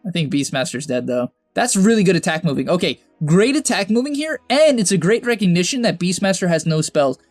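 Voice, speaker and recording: A young man coaching over a game replay in casual, chatty commentary that bursts into exasperated shouts and laughter. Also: high-pitched, sing-song, brisk, hardly any pauses, no room sound, faint music behind.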